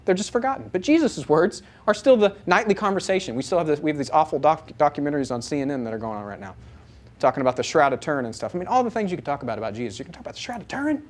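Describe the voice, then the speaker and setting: A man teaching a live audience, animated, asking them many rhetorical questions. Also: on the high side, rapid-fire. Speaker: Bible teacher.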